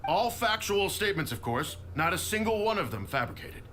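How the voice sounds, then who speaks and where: A blustering older noble schemer, who stammers when cornered. His voice is bright and sharp, and it swings widely in pitch. Faint game music plays under him. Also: very animated, fairly quick, exaggerated voice. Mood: indignant. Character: scheming older male clan noble, flustered.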